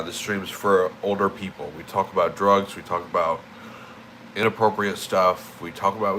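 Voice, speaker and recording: A young man with a very low, yet bright and forceful voice rants on a livestream, swearing and repeating words for emphasis. He has just woken up and rambles loosely, with a faint hum of air conditioning behind him. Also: low-quality recording. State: just woke up. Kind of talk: casual streaming rant.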